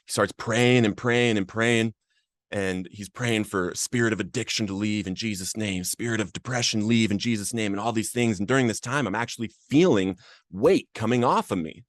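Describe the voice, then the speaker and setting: A man's voice: fairly low pitch, moderate pace, no echo, studio quality. A man hosting a podcast, telling his own addiction recovery story in an earnest, emotional way. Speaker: podcast host. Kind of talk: personal recovery testimony.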